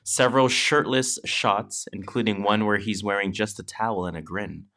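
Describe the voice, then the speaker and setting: A man's voice: on the low side, fairly even intonation, normal speed, bright, forceful tone. A man co-hosting a podcast, reading news items aloud and adding casual, slangy commentary. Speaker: podcast co-host. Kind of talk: casual chat.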